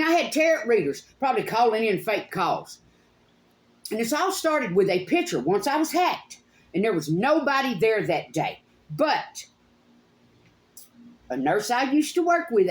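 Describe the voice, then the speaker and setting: A middle-aged woman delivers a heated, accusing rant, swinging her pitch up and down and hammering her points by repeating them. Her fairly high voice bounces off the walls of an echoey room, and she swears freely. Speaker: psychic channel host. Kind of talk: angry direct-to-camera rant.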